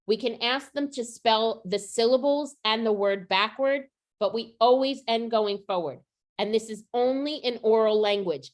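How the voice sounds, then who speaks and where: A woman runs a teacher training over a video call. She walks through each step slowly and keeps turning questions back to the group. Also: medium pitch. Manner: explaining step by step, asks questions. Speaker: literacy trainer.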